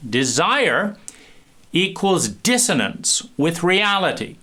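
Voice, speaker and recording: Bright-voiced man giving a talk. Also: medium pitch, measured pace. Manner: animated, acts out little scenes with many restarts. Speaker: speaker. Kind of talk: lecture.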